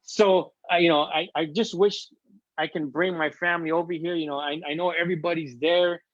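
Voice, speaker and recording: A man's voice: a little high, fairly even intonation, a little fast, dull audio. Emotional middle-aged man telling a story. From Chicago. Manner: emotional, chatty storyteller acting out quotes. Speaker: interview guest. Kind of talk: casual storytelling interview.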